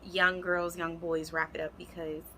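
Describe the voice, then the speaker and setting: A woman's voice: on the low side, level tone, normal speed, pushed and bright, slight background noise. A young adult woman, animatedly telling a storytime vlog and speaking straight to her viewers. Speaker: vlogger. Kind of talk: storytime vlog, casual chat.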